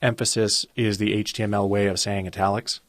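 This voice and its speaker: In a dry recording, a man with a lowish voice delivers a web design lesson at a brisk pace. He stays calm and methodical, guiding viewers through each step of a screen-recorded coding tutorial.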